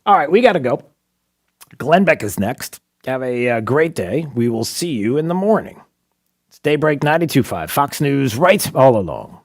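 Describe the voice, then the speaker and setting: A man's voice: mid-range voice, big pitch swings, normal speed. A man hosting a talk radio show, asking rhetorical questions and pressing his points with emphasis. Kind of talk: opinionated talk radio monologue and banter.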